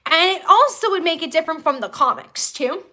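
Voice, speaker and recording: Bright high-voiced woman chatting casually. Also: expressive, fairly quick. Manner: rambling, with many fillers and restarts. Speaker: host of a live stream. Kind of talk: casual live-stream chat. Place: at home with pet kittens.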